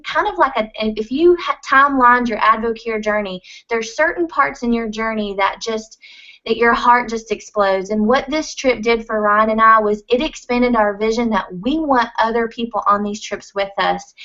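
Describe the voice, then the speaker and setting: A woman's voice: on the high side, fairly bright tone, dull audio. An earnest, emphatic woman speaking on stage at a conference as a motivational speaker.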